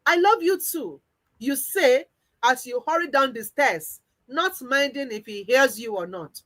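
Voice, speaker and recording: A woman coach with a Nigerian accent tells a story in the second person, guiding the listener through an imagined day. Her voice is fairly high, and her storytelling is lively. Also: unhurried, rough recording. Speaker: weight-loss coach. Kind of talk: guided visualization narration.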